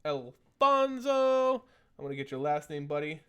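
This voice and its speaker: Young guy streaming, chatty and loose, bit phlegmy, voice sits kinda high for a guy. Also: lively intonation, moderate pace, fairly bright tone, lo-fi sound. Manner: chatty, reads and answers chat questions. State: a little phlegmy. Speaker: streamer host. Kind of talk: casual live-stream chat.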